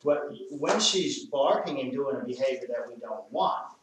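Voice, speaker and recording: A man with an Australian accent, working as a dog trainer, coaching an owner and gently giving commands to a timid dog. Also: medium pitch, animated, normal speed. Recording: very echoey, from a distance, faint noise.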